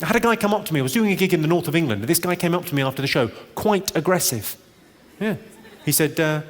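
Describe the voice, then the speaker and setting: A man doing stand-up comedy with deadpan, quick one-liners in a large theatre. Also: on the high side. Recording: live theatre with long reverb and loud noise.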